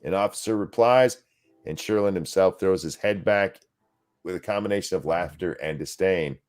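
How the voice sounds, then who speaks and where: A man's voice: low-pitched, normal speed, a little mellow. A man co-hosting a podcast, reading a news article aloud and breaking off for crude sarcastic remarks. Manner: reads aloud with sarcastic asides and profanity.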